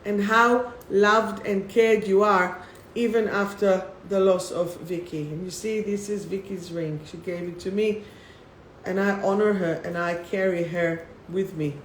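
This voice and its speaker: A woman hosting a live spiritual card reading, who calls viewers by name and reads each affirmation slowly, then repeats it. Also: mid-range voice, fairly even intonation, a little hiss or hum. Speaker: spiritual host. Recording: roomy echo.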